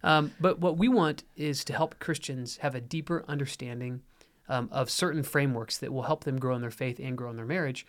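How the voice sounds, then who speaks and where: A man with a medium-pitched, slightly fast voice co-hosts a casual Christian marriage podcast with his wife. He explains ideas about faith and marriage earnestly, with frequent fillers and restarts.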